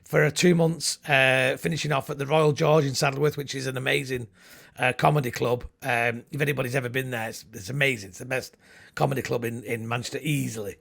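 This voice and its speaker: Gravelly middle-aged man telling jokes. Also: medium pitch, fairly even intonation, brisk, fairly bright tone. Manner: rambling, jokey storytelling with comic voices. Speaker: comedian guest. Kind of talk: casual chat.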